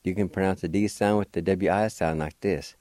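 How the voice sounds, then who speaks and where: A man hosting a radio language lesson, slowly spelling out words letter by letter and repeating them patiently. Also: low voice, steady tone, dark tone, no echo. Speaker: language teacher and radio host. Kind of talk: slow word-by-word language lesson. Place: radio studio.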